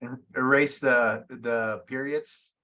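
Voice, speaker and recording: A man's voice: mid-range voice, fairly even intonation, slow pace, sharp tone. A man answering questions about his own essay in a class, apologetic and brief. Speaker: student author.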